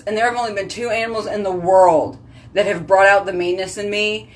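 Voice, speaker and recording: A woman's voice: medium pitch, fairly even intonation, a little fast. A woman, chatting casually in a vlog, sassy and joking as she rambles. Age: 30s. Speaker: vlogger.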